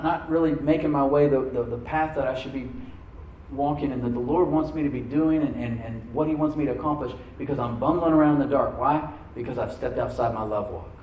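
A man preaching a sermon to his congregation, easygoing and conversational, with a warm, mellow tone. He stands some way off the microphone, so his voice comes across roomy and echoey. A faint hum of room ambience sits underneath. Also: medium pitch. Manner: conversational preaching with frequent "Amen?" prompts. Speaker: pastor. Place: church room before a congregation. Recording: echoey room, mic at a distance.

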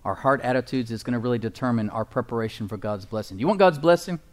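Preaching fast in a medium-pitched voice, a man leads his congregation as pastor, repeatedly asking for their agreement. His delivery is emphatic and folksy, and he chuckles at his own points.

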